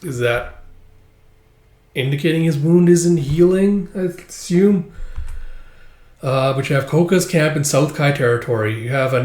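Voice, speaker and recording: A man's voice: a little high, a little slow, pauses often, darkish tone. A man casually reading through a comic and commenting on it, with lots of fillers. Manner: casual, filler-heavy narration. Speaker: manga reader and commentator. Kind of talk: casual read-along commentary. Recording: roomy echo.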